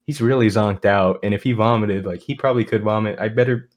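A man with a lowish voice tells a story on a casual podcast. He rambles, fills his talk with "like", and keeps breaking into laughter. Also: quick pace. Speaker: podcast co-host.

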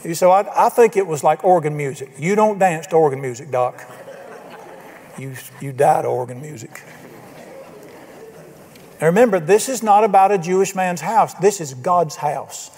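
Older pastor, emphatic folksy sermon delivery, slightly high voice, church reverb. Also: male voice, moderate pace, pauses often, a little mellow. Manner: folksy, emphatic, asks the congregation questions. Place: church sanctuary.

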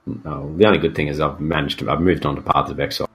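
Very deep-voiced Australian man chatting. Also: steady tone, fast talker. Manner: rambling, loose, frequent fillers. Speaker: podcast co-host. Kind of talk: casual gaming chat.

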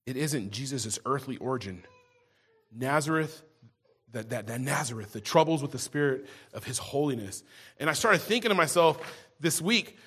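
A man's voice: fairly high pitch, fairly bright tone, slightly rough. A man preaching a sermon in a conversational way, often restarting and repeating words as he goes. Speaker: pastor.

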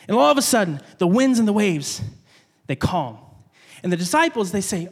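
A man preaching a sermon as a pastor, telling a story with animated delivery and acting out voices, in a church. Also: sits high, moderate pace, breathy edge. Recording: long reverb of a large hall.

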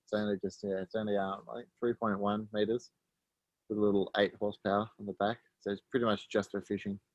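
A man's voice: lowish voice, level tone, quick pace, darkish tone, dry recording, muffled recording. A man, a podcast guest, giving short plain-spoken answers in casual chat.

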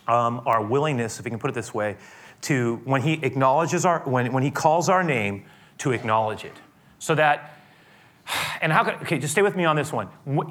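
A middle-aged man preaching a sermon in a mid-range voice. He talks quietly and reflectively at times, then climbs into emphatic, urgent appeals. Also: medium pitch. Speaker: pastor.

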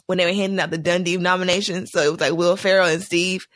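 A man hosting a casual podcast, an animated storyteller who laughs often. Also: high-pitched, fast, no echo, studio quality. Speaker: podcast host.

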